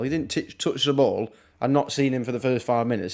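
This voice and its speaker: A young Englishman talks through a football match live for his viewers, casual and chatty. He throws in wry asides and quick reactions between passages of play, in an ordinary mid-pitched voice. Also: dark tone. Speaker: watchalong streamer.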